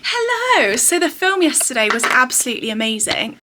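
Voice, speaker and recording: A young woman chatting excitedly to camera as a vlogger, a little out of breath. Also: fairly high pitch, fast, noisy background. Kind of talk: casual vlog chat.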